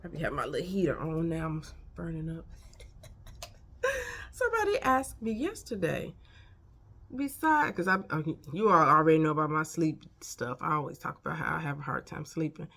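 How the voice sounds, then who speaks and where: A woman's voice: low voice, big pitch swings, normal speed, vocal fry, fairly bright tone. A woman in her fifties giving frank, folksy life advice in a casual vlog, chatting straight to her viewers. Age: 50s. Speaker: life coach. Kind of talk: casual motivational vlog talk.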